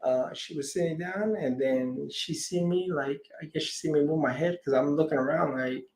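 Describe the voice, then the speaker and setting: A man's voice: fairly high pitch, normal speed, a little mellow, poor audio. A man, a healer being interviewed, telling a personal story in a rambling way, full of "you know" and retold dialogue. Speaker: guest, healer.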